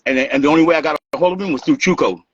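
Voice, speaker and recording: A man from Los telling stories in an animated, casual way, acting out what people said and swearing freely. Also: fairly high pitch, very fast, noisy background. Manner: animated, acts out quotes, swears freely, laughs. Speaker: guest, dancer and music maker. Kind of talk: casual storytelling interview. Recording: dull lo-fi sound.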